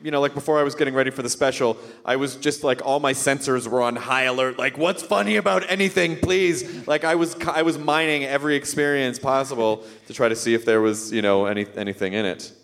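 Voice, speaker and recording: A man hosting a live podcast, chatting casually with quick self-deprecating jokes. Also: mid-range voice, steady tone, a bit bright. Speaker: podcast host.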